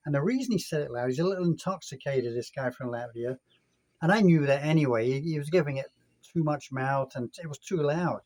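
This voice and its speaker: A man's voice: fairly high pitch, brisk, a little mellow, dry recording. A man in his sixties from the United Kingdom, telling a rambling story in a casual vlog rant. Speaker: vlogger.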